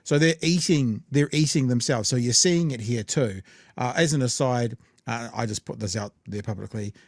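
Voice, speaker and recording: Casting: New Zealand male podcast host, blunt and rambling, mid-pitched, dry close sound. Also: normal speed, no echo. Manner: blunt, rambling, many fillers. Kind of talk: casual political chat.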